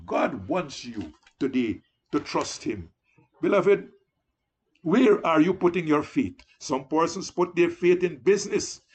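Male preacher, high and animated, slightly husky, exhorting his flock. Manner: exhorting, repeatedly addressing listeners as beloved. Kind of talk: sermon.

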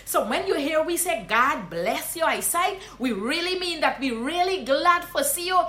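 A woman from Guyana with a Guyanese Creole English accent, high and bright in pitch. She teaches local greetings in a casual, animated way and repeats each phrase with loud emphasis. The sound carries an echo, as if recorded in a bare room. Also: normal speed, hardly any pauses. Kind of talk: casual instructional vlog.

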